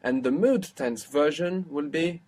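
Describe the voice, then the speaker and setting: A man's voice: a little high, unhurried, darkish tone. A man teaching a language lesson, explaining step by step and quizzing his student.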